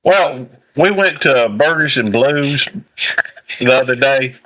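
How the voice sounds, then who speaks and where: A man hosting a casual livestream while eating, talking in a rambling, halting way full of fillers and restarts. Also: medium pitch, expressive, a bit bright, muffled recording. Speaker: livestream host.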